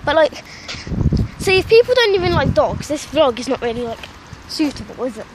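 A woman's voice: high-pitched, big pitch swings, fairly quick. A young woman vlogging casually while walking her dog outdoors, rambling with many fillers and out of breath. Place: outdoors in a park. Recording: loud outdoor noise.

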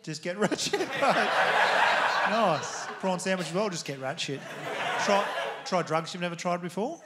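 A man's voice: high voice, animated, a little slow, heavy background noise. A man with an Australian accent doing a stand-up comedy set, laid-back and laughing through his lines.

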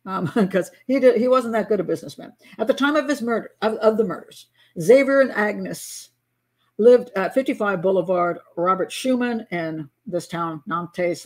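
A woman's voice: medium pitch, a little mellow. An older woman hosting a live crime show, talking casually and rambling, with many fillers and laughs. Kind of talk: casual live-stream talk.

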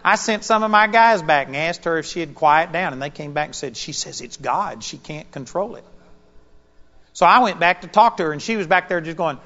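A man preaching a sermon to a church congregation, telling stories with animated emphasis. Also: on the high side, fast, hardly any pauses. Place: church auditorium during a live service. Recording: dull lo-fi sermon recording.

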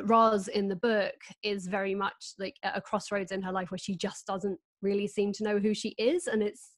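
A woman's voice: mid-range voice, no echo. Candid woman on a dry video call. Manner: candid, laughs often, tells stories quickly. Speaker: host. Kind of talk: casual video-call chat.

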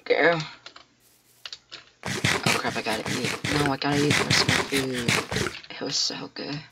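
Excitable man narrating his gameplay. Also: medium pitch, measured pace, very noisy. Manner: excitable, talks to himself with frequent exclamations. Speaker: gamer. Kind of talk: let's play commentary.

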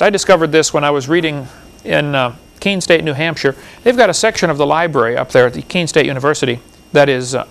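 A man giving a classroom lecture, reading book passages aloud in an impassioned, rambling way with a gravelly voice. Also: a little high.

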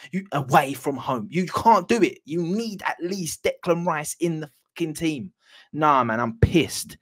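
A man giving an angry, sweary reaction after his team loses a football match. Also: a little high. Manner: furious, swearing, repeats himself. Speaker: football fan channel host.

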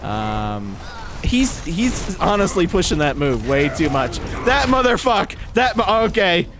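A man giving live gameplay commentary as a channel host, excitable, swearing and yelling at the game. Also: sits high, a little slow, background noise. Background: game music and sounds.

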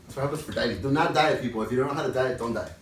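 A man hosting a video game session, excitable and jokey, laughing and trash talking. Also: mid-range voice, racing, very noisy. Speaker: gamer host. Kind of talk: excitable gameplay chat. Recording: echoey room, far from mic, game crowd behind.

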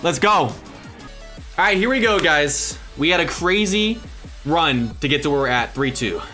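A young gaming YouTuber gives excited live commentary over his own gameplay in a bright, forceful voice at a measured pace, swinging between loud hype shouts and muttered asides. He's close to a desk mic at home, with soft background music underneath.

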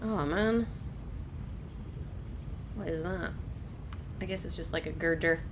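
A woman's voice: fairly low pitch, slow, background noise. A young woman casually commenting on a video game she is playing, chatting to viewers and exclaiming at what happens on screen. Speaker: let's play host. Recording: game sound clearly behind voice. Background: game ambience.

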